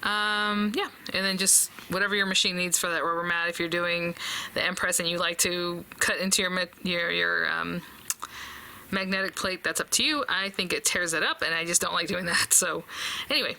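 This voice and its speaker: A woman's voice: lowish voice, fairly even intonation, normal speed, vocal fry, sharp tone. A woman hosting a casual papercraft tutorial, chatty and thinking aloud as she talks to her viewers. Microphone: close desk mic.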